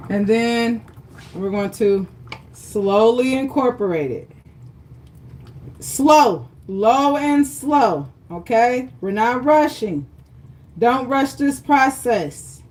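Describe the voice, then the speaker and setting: Here a woman with a fairly high but darkish-toned voice hosts a cooking demonstration live from home. Speaking through a livestream setup, she's talkative and supportive, regularly checking in with the people watching.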